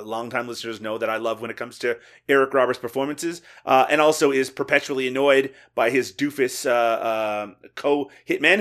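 A man hosting a casual podcast chat, enthusiastic and quick to laugh. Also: medium pitch, sharp tone. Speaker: podcast host.

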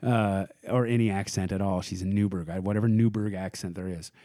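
A man's voice: low-pitched, steady tone, brisk, mellow. A man in his forties from Portland, a comedian, telling rambling stories in casual podcast chat and acting out other people's voices. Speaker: comedian guest.

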